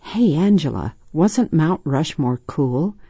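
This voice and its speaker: A woman voicing a calm, sensible boy who talks gently to his sister. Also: deep voice, slow pace, husky, dry recording, lo-fi sound, exaggerated voice. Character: calm older boy, brotherly.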